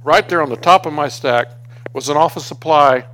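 A man's voice: a little high, moderate pace. A man preaching in a conversational storytelling way, often restarting his sentences. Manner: conversational, restarts often, grows animated when exasperated. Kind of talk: storytelling sermon.

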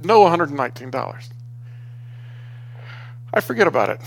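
A man's voice: sits high, normal speed, long pauses. A man preaching in a conversational storytelling way, often restarting his sentences. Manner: conversational, restarts often, grows animated when exasperated. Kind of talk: storytelling sermon.

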